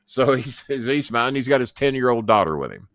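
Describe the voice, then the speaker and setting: A man's voice: mid-range voice, expressive, quick pace, a bit bright, dry recording, clean studio sound. A man hosting his own show, rambling through casual stories with boasts, swearing and stammered restarts. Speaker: podcast host. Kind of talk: casual storytelling monologue.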